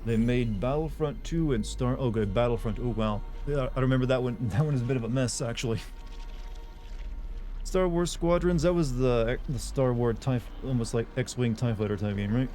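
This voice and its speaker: A man's voice: mid-range voice, moderate pace, warm tone. A man streaming a game live, chatting casually with his viewers in a sleepy, rambling way and often breaking off mid-sentence. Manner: rambling, self-interrupting, chatty. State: sleepy, yawning.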